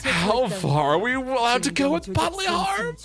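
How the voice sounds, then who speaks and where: A man voicing a creepy, gleeful young woman artist with a drawn-out delivery. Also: very high voice, huge pitch swings, voice pushed up, heavily acted.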